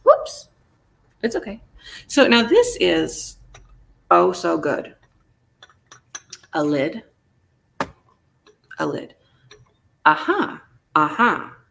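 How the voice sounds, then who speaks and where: A man's voice: sits high, huge pitch swings, extremely slow, gravelly, long pauses, sharp tone, slight background noise. A man hosting a live online vintage sale, taking bids and joking playfully with a theatrical manner. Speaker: live auction seller.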